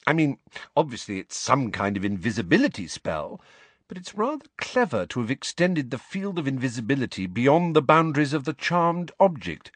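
A man's voice: medium pitch, big pitch swings, moderate pace, dry recording, voice pushed up. A man voicing a bookish, know-it-all teenage schoolgirl witch in an audiobook, speaking earnestly and a bit bossily. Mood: explaining. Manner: earnest, explaining, a bit bossy. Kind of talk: audiobook character voice.

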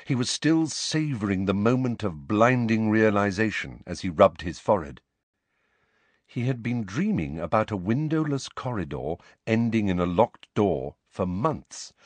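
Male narrator, lively pitch, dry close-mic read. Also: no echo. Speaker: audiobook narrator. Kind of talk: scripted narration.

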